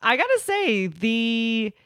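A woman's voice: fairly high pitch, sing-song, takes it slowly, fairly bright tone, no echo, clean studio sound. A woman hosting a casual chat, reflecting on a guest's story in a chatty way.

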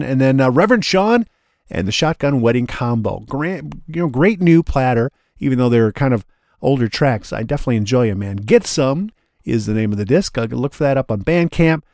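A man's voice: mid-range voice, a little mellow, no echo, clean studio sound. A man hosting a radio show, talking in a loose, rambling way between records. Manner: rambling and laid-back, drops 'man' and 'uh' often. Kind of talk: casual radio DJ patter.

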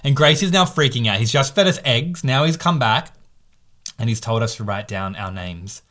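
A man co-hosting a podcast, telling a story in a lively, casual way with quick asides. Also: medium pitch. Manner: animated storyteller, quick asides and reenacted quotes. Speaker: podcast co-host.

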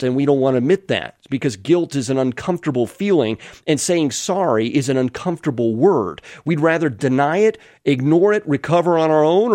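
A man's voice: mid-range voice, a little mellow, no room sound, clean studio sound. A male pastor delivering a sermon, telling stories earnestly and often restarting his words. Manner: earnest storytelling with frequent restarts.

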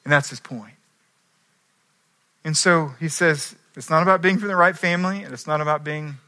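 A man preaching a sermon as pastor, earnest, moving between quiet asides and emphatic climaxes. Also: fairly high pitch.

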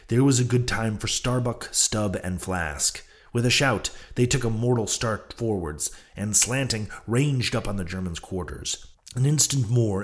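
Low-voiced man reading a sea tale. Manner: measured storytelling. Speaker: audiobook reader. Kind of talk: scripted narration.

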